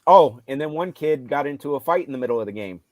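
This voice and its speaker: A middle-aged man, a football coach, casually retelling stories from his games, getting loud and animated when he quotes himself. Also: mid-range voice, fast talker, no echo. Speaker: high school football coach. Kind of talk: casual storytelling on a live show.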